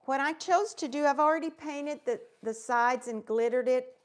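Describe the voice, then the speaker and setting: A woman's voice: high voice, moderate pace. A middle-aged woman, chatting through a craft demonstration livestream and greeting viewers by name.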